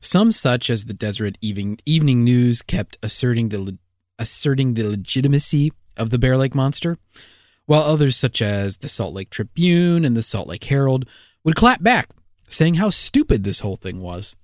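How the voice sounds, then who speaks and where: A man co-hosting a podcast, reading history out casually and reacting with excitable jokes. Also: medium pitch, moderate pace, dry recording, studio quality. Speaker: podcast co-host. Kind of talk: casual storytelling chat.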